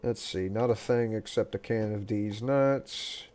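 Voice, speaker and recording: A man's voice: fairly low pitch, a little slow, darkish tone, slight background noise. A young man streaming a survival game, chatting casually with a friend in a rambling, joking way. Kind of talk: casual gaming chat.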